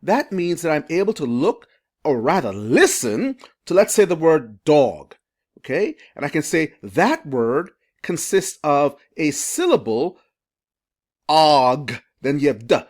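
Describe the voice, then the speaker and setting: A reading teacher speaking to parents in an educational video, asking questions and slowly sounding out letters and syllables. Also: medium pitch, big pitch swings, darkish tone. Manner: sounds out phonics slowly and asks the viewer questions.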